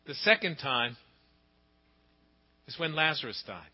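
A middle-aged man preaching a sermon, telling stories with big swings in pitch and loudness. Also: a little slow. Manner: expressive storytelling, pitch and volume swing widely. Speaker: pastor. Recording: dull sound with long hall reverb.

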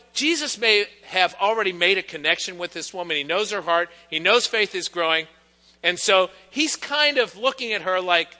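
A man preaching a sermon in a conversational, teasing way, his voice high and strikingly bright. The church gives it a long, ringing reverb. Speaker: pastor. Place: church sanctuary.

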